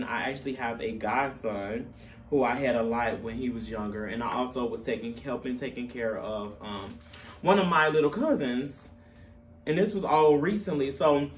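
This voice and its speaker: A man's voice: mid-range voice, fairly bright tone. A young man talking casually to camera as a vlogger, candid and chatty, laughing at himself. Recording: distant camera mic, faint room noise.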